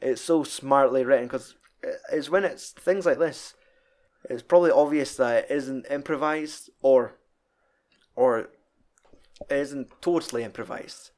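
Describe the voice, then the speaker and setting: A young man talks through a favorite film in relaxed podcast chat. He swears freely and laughs while retelling scenes. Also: medium pitch, a little slow. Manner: sweary, laughing, quotes film lines in put-on voices.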